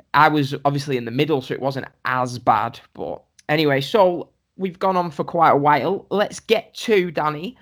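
A man co-hosting a casual podcast chat, steering the talk between topics. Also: fairly high pitch. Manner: chatty, steers the conversation. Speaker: podcast co-host.

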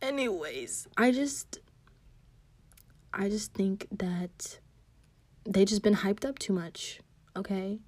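A woman in a sassy, foul-mouthed vlog rant, rambling from one grievance to the next and slipping into quick whispers. Her voice sits at an everyday middle pitch. The sound is close and dry, with no room around it. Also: lively intonation, darkish tone, no echo. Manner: profane, rambling, with sudden whispered asides; sassy, scolding an absent target. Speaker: vlogger. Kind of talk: casual rant.

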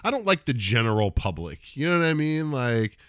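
A man's voice: medium pitch, sing-song, fairly quick, a bit bright, clear, resonant tone, no echo, clean studio sound. A man in his thirties hosting a solo comedy podcast, ranting casually with lots of swearing and laughter. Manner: profane, rambling, laughs often.

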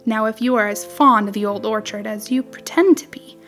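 A woman's voice: on the high side, brisk, a bit bright, soft background music, lightly acted. A woman reading a cheeky young rabbit. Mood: teasing. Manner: eager and teasing. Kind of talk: storybook reading.

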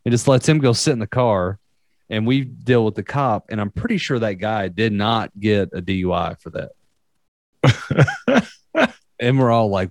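A man's voice: mid-range voice, normal speed, a little mellow, no room sound, clean studio sound. A young man telling a story in casual chat, rambling and profane, with many fillers.

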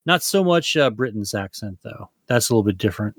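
A man's voice: lowish voice, lively intonation, brisk, no echo, studio quality. A man co-hosting a podcast, rambling loosely with lots of swearing and jokes. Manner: rambling, profane, loose and jokey. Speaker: podcast co-host. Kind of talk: casual podcast chat.

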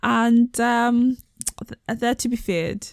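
A woman co-hosting a casual podcast chat, bantering and joking in an animated way. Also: fairly high pitch, slow, dry recording, clean studio sound. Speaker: podcast co-host.

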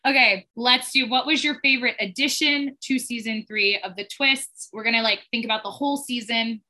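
A woman's voice: a little high, normal speed, sharp tone. A woman hosting a casual recap podcast, leading the segments and swearing freely. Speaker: podcast host.

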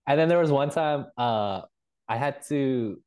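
A man co-hosting a podcast, chatting in a relaxed way, laughing often and repeating words. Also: medium pitch, a little slow, clean tone. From Canada. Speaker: podcast co-host. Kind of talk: casual chat.

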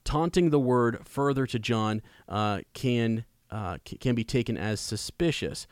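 A man hosting a casual podcast about a book, talking in a relaxed, rambling way and correcting himself as he goes. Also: medium pitch, unhurried, smooth, dry recording, clean studio sound. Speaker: podcast host.

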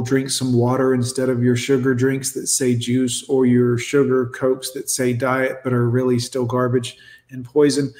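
A man's voice: mid-range voice, darkish tone. A man hosting a reaction video, ranting bluntly and with heavy profanity. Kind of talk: mocking reaction commentary. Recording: roomy echo.

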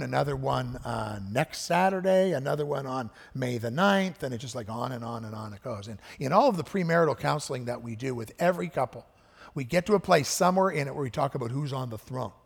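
A man preaching a sermon as pastor, earnest, swinging between hushed and emphatic delivery. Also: mid-range voice, creaky, husky. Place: church sanctuary. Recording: echoey church hall with long reverb.

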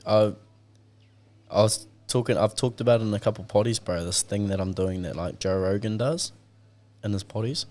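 Laid-back, sweary Kiwi podcast host. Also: male voice, on the low side, normal speed, a little mellow. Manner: laid-back, swears a lot, tells stories with acted-out dialogue. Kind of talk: casual podcast chat.

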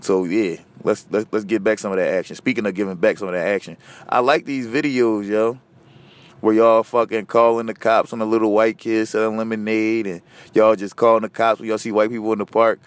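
A man hosting a podcast, ranting casually and profanely, veering from loud outbursts to low muttering. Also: fairly even intonation, a little fast, clean tone, no room sound. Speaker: podcast host. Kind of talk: casual solo rant.

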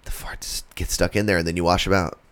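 A young man and podcast host telling a comedic story in a profane, animated way. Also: deep voice, quick pace.

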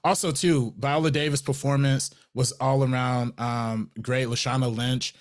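A man's voice: mid-range voice, fairly even intonation, a little slow. A young man co-hosting a movie podcast, talking loosely with many fillers and restarts. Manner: loose, filler-heavy, lots of "like" and "um". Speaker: podcast co-host. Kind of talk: casual movie podcast chat.

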